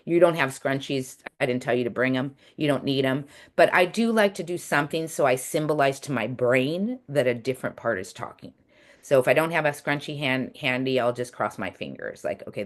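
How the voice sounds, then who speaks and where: Chatty woman coach teaching over a video call. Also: rumbling low. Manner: chatty, earnest, many fillers and restarts. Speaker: coach and webinar presenter. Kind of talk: casual teaching talk.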